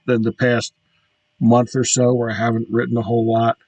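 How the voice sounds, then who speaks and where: Man, podcast host, reflective monologue, gravelly, monotone delivery. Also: mid-range voice, no room sound, highs cut off. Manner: reflective, halting with many fillers. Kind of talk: casual solo monologue.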